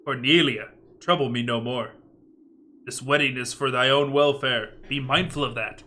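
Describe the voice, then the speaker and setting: A man's voice: mid-range voice, steady tone, moderate pace, bright, forceful tone, pitched below the performer's own voice, natural voice. A man voicing a stern, pompous old king in a stage play, giving commands in archaic theatrical speech. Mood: commanding.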